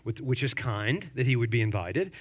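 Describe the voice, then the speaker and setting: A male pastor preaching a sermon, lively and conversational, firing off rhetorical questions and joking asides to his congregation. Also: medium pitch, moderate pace.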